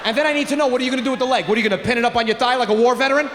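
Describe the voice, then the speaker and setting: A man in his forties doing a crude, animated stand-up comedy set on a theater stage, with shouted punchlines. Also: very high-pitched, very fast, background noise. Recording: live theater recording with long reverb.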